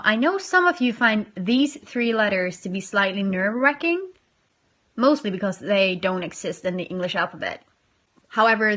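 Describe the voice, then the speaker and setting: A young woman giving a casual, self-deprecating pronunciation lesson, slowing down to demonstrate sounds. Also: medium pitch, a bit bright. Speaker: language teacher.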